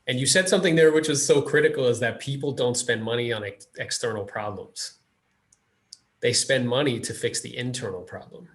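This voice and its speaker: A man's voice: mid-range voice, gravelly. A man hosting a podcast, chatting casually with a guest and acting out the people in his stories. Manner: animated storyteller, acts out quotes. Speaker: podcast host. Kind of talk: casual interview chat.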